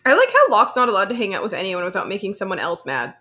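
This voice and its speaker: A woman's voice: medium pitch, huge pitch swings, fast talker, bright, forceful tone. A woman guest on a casual podcast who gives dry, emphatic opinions.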